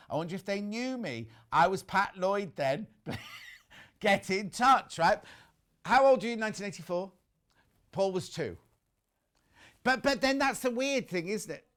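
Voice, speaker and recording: Lively chatty male TV presenter. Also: high-pitched. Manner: lively, gossipy, reads viewer messages aloud. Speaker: shopping channel presenter. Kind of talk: chatty live TV selling. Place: TV studio.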